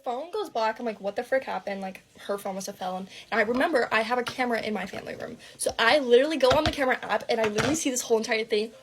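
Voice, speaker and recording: A young woman telling a dramatic personal storytime. She talks in a breathless, gossipy rush and swears freely. Her voice sits somewhat high. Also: rapid-fire, hardly any pauses, a little hiss or hum.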